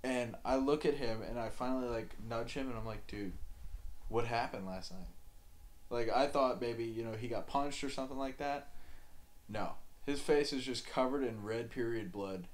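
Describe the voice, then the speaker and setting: A young man telling a crude story on a podcast, laid-back and profane, often dropping to a low mumble. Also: moderate pace. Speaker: podcast co-host.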